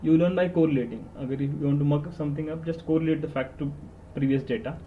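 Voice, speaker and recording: A man's voice: on the high side, steady tone, quick pace, narrow, tinny audio, a little hiss or hum. A man with an Indian accent giving study tips in an earnest, emphatic way, slipping into Hindi and repeating words for stress. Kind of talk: instructional podcast talk.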